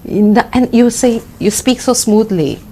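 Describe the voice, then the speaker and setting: A woman hosting an interview, asking questions in an encouraging way with some halting restarts. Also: on the high side, expressive, dark tone, slight background noise. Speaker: interview host.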